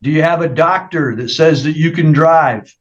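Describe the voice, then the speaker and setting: A man's voice: on the high side, normal speed, highs cut off. A male judge at a hearing, asking firm, probing questions.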